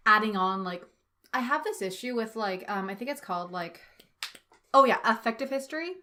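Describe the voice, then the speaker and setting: A woman's voice: mid-range voice, animated, fairly quick, sharp tone, slight background noise. A young woman co-hosting a podcast, reading notes and chatting casually with many fillers. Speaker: podcast co-host.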